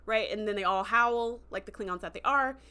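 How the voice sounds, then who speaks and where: A woman's voice: mid-range voice, fairly quick, pushed and bright, clear, resonant tone. A woman hosting a casual livestream review, telling the story in an emotional, chatty way and acting out the quoted lines in voices. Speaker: host.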